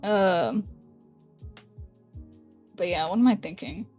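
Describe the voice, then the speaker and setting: A woman's voice: medium pitch, slow pace, a little mellow, soft background music. A young woman streaming from her room, chatting casually and rambling with many fillers and frequent laughs. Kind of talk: casual livestream chat. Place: her hot bedroom with a fan blowing.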